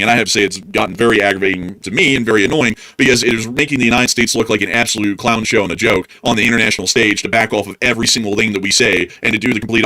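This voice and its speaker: A man's voice: mid-range voice, sharp tone, dry recording. A man co-hosting a live news stream, giving opinionated, exasperated commentary. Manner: opinionated and exasperated, drawls out mocking asides.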